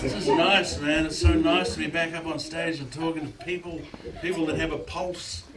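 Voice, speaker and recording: A man with a New Zealand accent doing live stand-up comedy, loud and animated, breaking into shouted bits. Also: fairly high pitch, moderate pace, very noisy. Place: small live event venue with audience. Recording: echoey room, far from mic, loud crowd.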